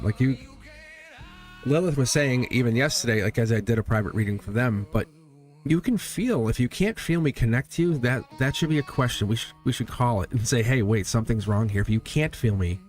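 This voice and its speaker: A man hosting a live tarot stream, chatting casually and laughing often as he talks straight to his viewers, with soft music behind him. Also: medium pitch. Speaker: tarot reader and channel host. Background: quiet background music.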